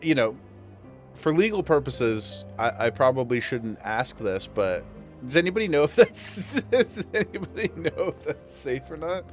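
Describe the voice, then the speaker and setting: A man's voice: on the high side, lively intonation, unhurried. Male streamer, casual chat to viewers, laughing, faint music behind. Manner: chatty, laughing, talks to chat.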